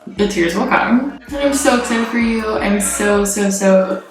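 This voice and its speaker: A woman speaking heartfelt, halting words to camera, close to tears, over faint music. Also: medium pitch, echoey room, poor audio.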